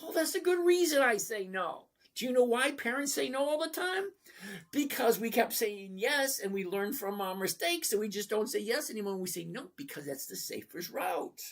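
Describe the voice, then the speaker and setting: A man's voice: very high-pitched, very animated, normal speed, fairly bright tone. A man in his fifties hosting a casual live stream, chatty and jokey as he greets viewers one by one and teaches investing.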